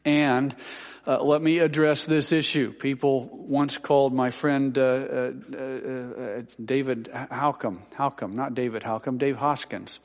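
A man's voice: mid-range voice, steady tone, unhurried. A man, a Baptist pastor, giving rambling, homespun church announcements to his congregation, with lots of fillers and dry humorous asides. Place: large church sanctuary. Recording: long reverb of a church hall.

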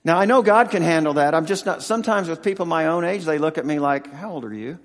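A man in his sixties, a pastor and football chaplain, preaching a sermon with halting, emotional storytelling and many restarts. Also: a little high, big-room sound. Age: 60s.

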